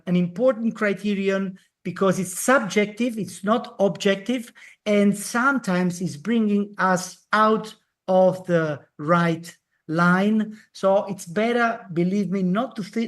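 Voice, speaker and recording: Halting lecturer on a video call. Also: mid-range voice. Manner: halting, many fillers, tag questions like "eh?". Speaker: dermatology lecturer. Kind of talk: live online lecture.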